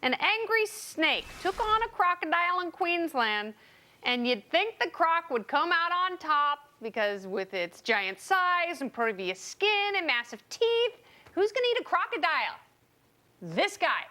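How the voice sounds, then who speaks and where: A woman hosting a TV panel show, reading segments with quick wisecracks. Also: extremely high pitch, sing-song, sharp tone. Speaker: host.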